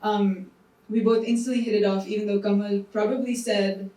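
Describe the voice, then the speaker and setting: A woman actor who grew up in India, telling lively stories during a panel Q&A at a screening. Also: mid-range voice, normal speed. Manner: animated storytelling with laughs. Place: private screening venue. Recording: roomy hall, far from mic.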